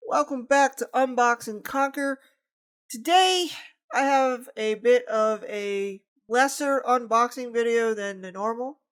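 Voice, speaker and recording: A woman's voice: on the high side, a little slow. A woman hosting a board game unboxing channel, talking casually with emphatic rants and joking asides. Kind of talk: casual review monologue.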